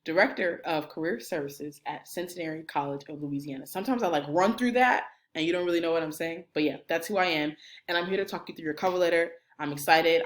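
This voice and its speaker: Lively, playful woman coaching on camera. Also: sits low. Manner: animated, playful, talks straight to the viewer. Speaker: college career services director. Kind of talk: energetic instructional video.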